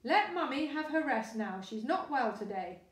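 A kindly father who gives brisk, firm orders, voiced by a woman reading a storybook. The voice stays light and raised. It sounds roomy and far from the mic. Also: sits high, very animated, pitched above the performer's own voice. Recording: roomy echo, distant mic.

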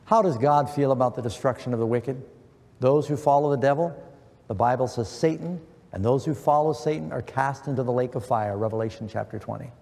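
A man's voice: mid-range voice, fairly quick, creaky, darkish tone. A middle-aged man preaching an earnest sermon, quoting scripture with emphasis. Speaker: pastor. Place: church. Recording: long church reverb.

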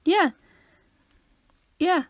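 A woman's voice: drawn-out words, no echo. A young woman from near Derry with a Northern Irish accent, co-hosting a casual podcast and telling stories with acted-out quotes and lots of laughter. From Northern Ireland. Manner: animated storyteller, acts out quotes, laughs a lot. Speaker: podcast co-host. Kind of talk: casual chat.

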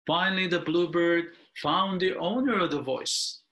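A man's voice: high voice, sharp tone, rough recording. An older man, a Buddhist minister, reading a picture book aloud within a sermon and stopping now and then to explain it. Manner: slow, with pauses to explain.

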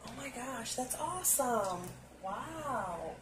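This woman unboxes makeup for her viewers while seated on a stool at home, gushing and exclaiming as she chats directly to the camera. She speaks slowly with a fairly high, lively voice, against a noisy background.

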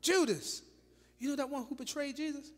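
A woman bishop preaching a sermon in a church, dramatic and animated, firing rhetorical questions at the congregation with laughing asides. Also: sits high, normal speed. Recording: long reverb of a large church hall.

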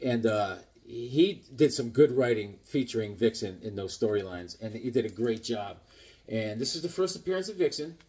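A middle-aged comic collector vlogger, medium-pitched with lively intonation, a moderate pace, and a slightly rough, mellow tone, chats casually while unboxing his comics. He rambles enthusiastically and performs voices in his anecdotes.

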